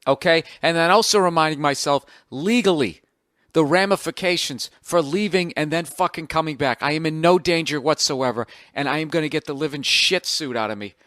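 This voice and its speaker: A man in his forties with a Boston accent, telling a profane, exasperated story with sudden loud outbursts on his podcast. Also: a little high, fairly quick, no echo, clean studio sound. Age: 40s. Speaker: podcast host. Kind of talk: ranting comic monologue.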